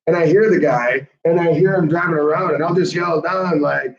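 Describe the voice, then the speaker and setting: Brief: high-pitched male host, chatty and animated, roomy lo-fi sound. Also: normal speed, hardly any pauses. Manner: chatty, animated, laughs often. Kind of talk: casual chat.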